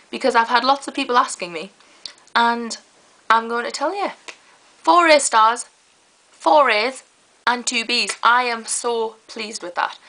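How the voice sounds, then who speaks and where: A teenage girl, chatting to camera in a rambling, lively way. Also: fairly high pitch, poor audio. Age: teens. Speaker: vlogger. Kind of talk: casual chat to camera.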